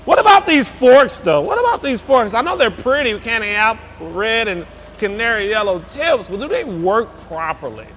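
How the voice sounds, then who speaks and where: A man's voice: sits high, very animated, normal speed, hardly any pauses, a bit bright. Hyped-up salesman whooping from a forklift. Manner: exuberant, hyped, repeats words, whoops. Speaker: forklift salesman demonstrating a lift. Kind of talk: enthusiastic product demo. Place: outdoors on a forklift. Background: faint outdoor and vehicle noise.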